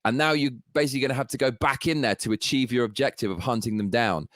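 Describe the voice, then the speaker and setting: A man's voice: medium pitch, fast, fairly bright tone, no room sound, clean studio sound. A man delivering an angry, profane political rant, heated and sarcastic throughout. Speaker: political commentator.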